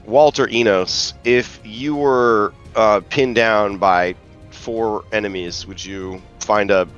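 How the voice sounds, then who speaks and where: A man narrating as game master in a casual online tabletop session, relaxed and hesitant with many fillers. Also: on the low side, dull audio.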